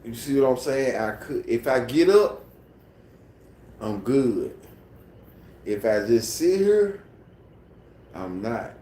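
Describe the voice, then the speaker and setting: A man's voice: medium pitch, very animated, slow pace, long pauses, mellow, slight background noise. A man with a Memphis accent chatting casually on a phone livestream at home, sleepy and laid-back, with a repetitive, mumbled drawl. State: sleepy, just woke up.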